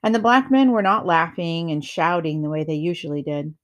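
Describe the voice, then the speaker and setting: Woman reader, lowish voice, calm and measured, reading a novel aloud.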